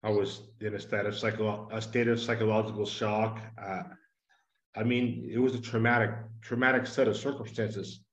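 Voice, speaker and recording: A man's voice: lowish voice, fairly even intonation, moderate pace. A man from the United States, a podcast guest, talking earnestly and at length in a casual interview from his home. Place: home in a small town. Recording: roomy, dull lo-fi audio.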